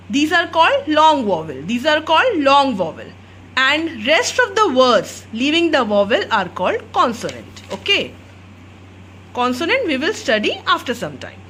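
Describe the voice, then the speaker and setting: A woman, a kindergarten teacher, slowly drilling vowel sounds for young children in a sing-song way. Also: sits high, huge pitch swings, fairly bright tone. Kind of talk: phonics lesson for young children.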